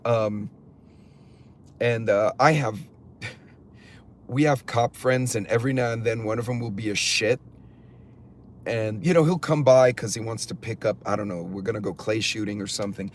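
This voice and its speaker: A man's voice: mid-range voice, a little mellow. Rambling, chatty middle-aged man. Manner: rambling, chatty, swears freely. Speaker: preparedness channel host. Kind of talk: casual livestream talk, reading chat aloud.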